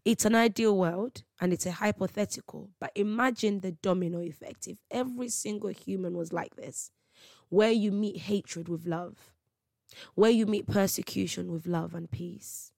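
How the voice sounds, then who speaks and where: A woman hosts her faith podcast, speaking with emphasis and street slang. Her voice has a gravelly edge. The sound is dry and close, with no room around it. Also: medium pitch, moderate pace, a little mellow, dry recording. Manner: emphatic, preachy, slangy storytelling. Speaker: podcast host.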